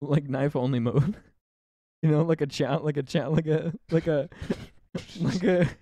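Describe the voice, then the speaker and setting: A man's voice: on the high side, fairly even intonation, measured pace, mellow, no room sound. A young man co-hosting a casual movie commentary, joking and laughing with a friend. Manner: joking, laughing, trails off and restarts.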